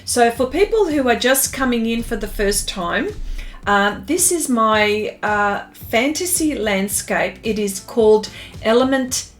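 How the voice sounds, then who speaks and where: A woman's voice: on the high side, animated, a little slow. An Australian woman hosting an art live stream in bubbly, casual chat, full of fillers and giggly greetings.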